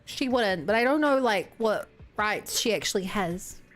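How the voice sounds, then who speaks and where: A woman's voice: mid-range voice, animated, a little slow, fairly bright tone. A young woman streaming a game, chatting casually and rambling as she reacts to chat. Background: game music.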